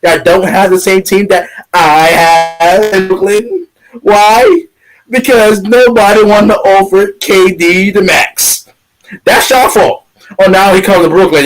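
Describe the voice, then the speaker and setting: High-voiced New man ranting about sports. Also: rough recording. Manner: ranting, profane, trash-talking. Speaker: podcast co-host. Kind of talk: heated sports talk.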